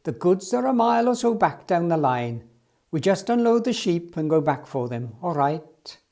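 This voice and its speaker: A man voicing a cheerful male train driver in a storybook reading, pitched up and loud. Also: sing-song, moderate pace. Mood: firm.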